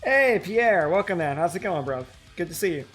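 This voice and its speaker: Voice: mid-range voice, big pitch swings, moderate pace, a bit bright, soft background music. A streamer hosting a casual chat stream, talking in rambling, stop-start bursts with frequent restarts and casual swearing.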